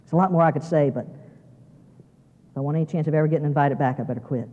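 A guest preacher talks fast but pauses often, his mid-range voice warm in tone though the audio sounds dull. He is addressing seminary students in a large chapel with a long reverb, using a homey, down-to-earth style full of small restarts. Returning to the central point makes him emphatic, and he repeats key phrases.

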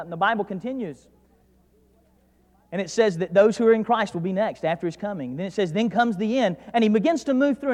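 A man with a North Georgia accent preaching a sermon as pastor, dropping to quiet asides and then rising to loud, emphatic declarations. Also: high voice. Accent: North Georgia Southern US. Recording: preached in a reverberant hall.

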